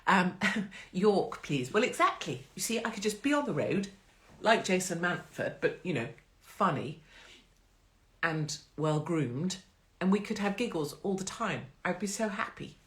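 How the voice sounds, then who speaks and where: A woman's voice: fairly low pitch, sing-song, unhurried. A woman hosting a live stream in a blunt, profane, chatty and rambling way. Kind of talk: casual live-stream chat.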